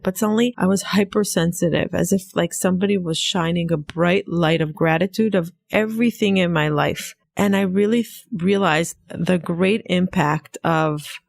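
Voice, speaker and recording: A woman's voice: medium pitch, gravelly. A woman in her thirties hosting a solo podcast, talking earnestly and repeating her points for emphasis. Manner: earnest, warm-hearted, speaks in repetitions. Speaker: podcast host.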